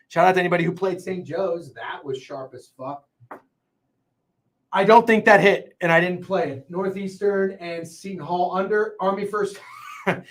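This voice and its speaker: A man hosting a sports betting show, talking in an excitable, profane, rambling way. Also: a little high. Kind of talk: casual sports betting chat.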